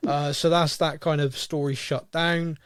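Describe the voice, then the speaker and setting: A man's voice: on the high side, little pitch movement, measured pace, clear, resonant tone, no room sound, studio quality. A man co-hosting a podcast in casual chat, often stumbling and restarting his words. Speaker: podcast co-host.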